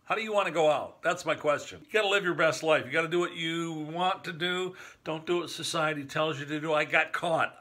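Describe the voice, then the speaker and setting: A man's voice: a little high, sharp tone. A man in his sixties, from northern Michigan, talking casually to the camera in a joking, rambling way and chuckling at his own jokes. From northern Michigan, USA. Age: 60s. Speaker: vlogger.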